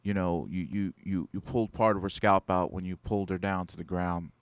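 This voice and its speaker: A man's voice: low-pitched, steady tone, fairly quick, clear, resonant tone, no room sound. A man voicing a skeptical male police officer who questions a security guard in an exasperated tone.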